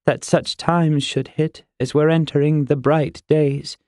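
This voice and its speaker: A man voicing a perceptive young woman in an audiobook, with a lighter, higher voice and a soft teasing edge. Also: steady tone, measured pace, no room sound, studio quality, lightly acted. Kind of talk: audiobook character voice.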